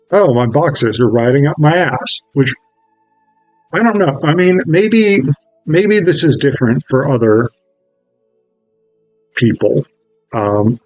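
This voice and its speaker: A man's voice: a little high, darkish tone, no room sound, rough recording. A man reviewing a film in a casual, wry video essay, swearing freely as he talks.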